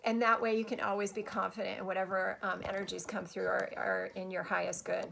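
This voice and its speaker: A woman coach talks to her viewers on a live stream, chatty and gushing as she goes. Her voice sits mid-range and has a gravelly, fry-edged texture. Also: mid-range voice, little pitch movement, fairly quick, a bit bright. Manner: chatty and gushing, many restarts. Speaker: spiritual life coach.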